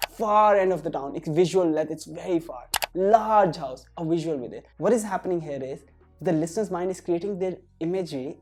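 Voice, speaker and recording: A woman with a low, mellow voice gives an exam-prep lesson, punching out key words with emphatic stress. Her tone is slightly husky and soft-edged. Faint music plays underneath. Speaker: IELTS speaking tutor. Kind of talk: direct-to-camera teaching.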